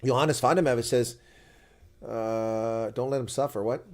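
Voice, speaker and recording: An unhurried man with a mid-range voice hosts live reaction commentary on rugby. He walks through the play calmly but shouts excitedly when major moments arrive.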